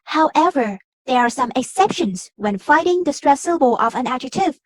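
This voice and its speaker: A young woman from Vietnam, a student, reading a class presentation on word stress in a measured, explanatory way. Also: high voice, lively intonation, slightly rough, dry recording. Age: young adult. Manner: measured, explanatory, reads from a script.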